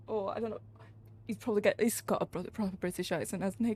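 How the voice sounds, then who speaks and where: A woman's voice: medium pitch, fairly even intonation, fast, darkish tone, slightly rough. A woman streaming a game, chatting casually, reading its dialogue aloud and laughing often. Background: game music.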